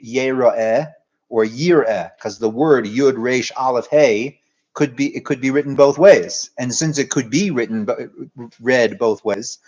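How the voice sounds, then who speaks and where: A man's voice: medium pitch, darkish tone, highs cut off. A man teaching a Torah class as a rabbi, talking his ideas through with frequent restarts and Hebrew terms. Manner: discursive, many restarts, uses Hebrew terms.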